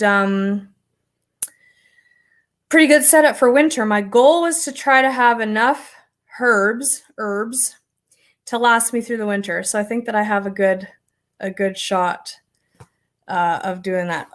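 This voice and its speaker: A woman's voice: medium pitch, normal speed. Chatty homestead woman on a livestream. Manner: chatty, rambling, laughs often. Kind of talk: casual livestream chat reading comments.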